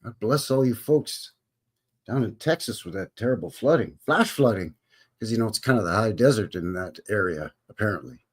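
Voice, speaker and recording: A man's voice: on the low side, lively intonation, normal speed, husky. A man from Alberta hosting a casual live stream, greeting chatters with folksy cowboy talk. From Alberta, Canada. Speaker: livestream host.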